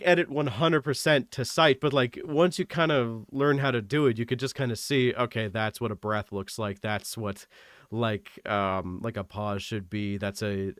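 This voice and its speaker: A man's voice: lowish voice, fairly bright tone, no room sound. Young canadian guy streaming, rambly, lots of ums, dry close mic. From Eastern Canada. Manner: rambling, self-deprecating, many fillers. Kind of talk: casual chat on a stream call. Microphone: desk microphone.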